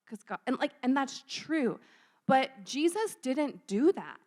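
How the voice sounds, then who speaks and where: A woman's voice: a little high, lively intonation, a little slow, darkish tone. A young woman giving a casual, chatty sermon in a church room, saying "like" a lot and acting out little scenes. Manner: chatty, says "like" often, acts out little scenes. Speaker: youth speaker at church.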